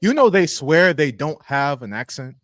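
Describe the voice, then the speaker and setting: A man co-hosting a podcast in casual chat, with a smooth, professional radio voice and an easygoing manner. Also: on the high side, very animated, normal speed, a bit bright, no room sound, clean studio sound. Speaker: podcast co-host.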